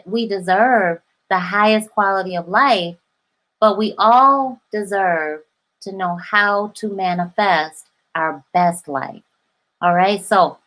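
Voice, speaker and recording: A woman's voice: mid-range voice, poor audio. Effusive woman coaching her viewers. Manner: effusive, affirming, speaks directly to viewers. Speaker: manifestation coach. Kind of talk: motivational vlog.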